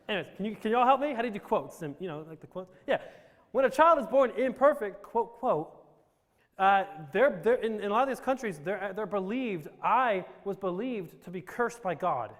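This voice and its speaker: A man from Romania telling his life story to a live audience with self-deprecating jokes and rambling restarts. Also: high-pitched. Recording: reverberant hall.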